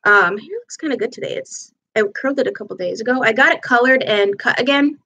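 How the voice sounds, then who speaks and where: A woman's voice: fairly high pitch, lively intonation, fast talker, sharp tone, dull audio. A woman hosting a casual live makeup chat at home, talking in a meandering, chatty way while she applies her makeup. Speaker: livestream host. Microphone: camera mic on a live stream.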